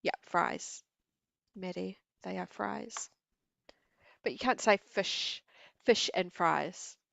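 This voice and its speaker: With a New Zealand accent and a medium-pitched, slow, gravelly, fairly bright voice, a woman hosts a craft livestream, chatting casually and giggling with viewers. She uses an earpiece and desk mic, and there's no room sound.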